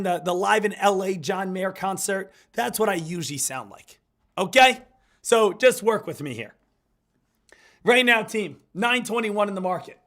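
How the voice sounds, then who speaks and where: Hyped and repetitive, a stock trading streamer delivers live market commentary in a high, slightly bright voice that's hoarse from a recent illness he's recovering from.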